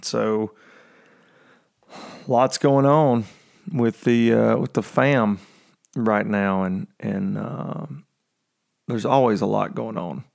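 Gravelly-voiced man, rambling morning chat. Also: fairly low pitch. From Tennessee. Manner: rambling, joking, many fillers. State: early morning voice. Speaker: podcast host. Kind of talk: casual chat.

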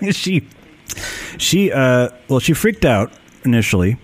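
A man's voice: mid-range voice, big pitch swings, takes it slowly. A man hosting a live podcast, talking in loose, joking banter with a crude streak. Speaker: podcast host.

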